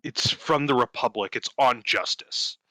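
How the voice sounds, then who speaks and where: A young podcast co-host tells a story with lots of swearing and quick character voices. His tone is bright and forceful, and the recording is dry and close. He talks casually and animatedly. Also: mid-range voice, no echo, low-quality recording. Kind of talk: casual chat.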